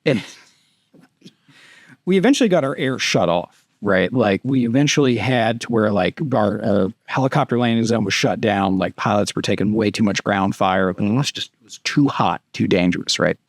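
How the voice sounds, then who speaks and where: Fillers such as "too" and "and everything" pad the long war stories this American man, a retired army captain, rambles through as a guest on a casual podcast interview. His fairly low voice moves at a normal pace, recorded at studio quality with no room sound.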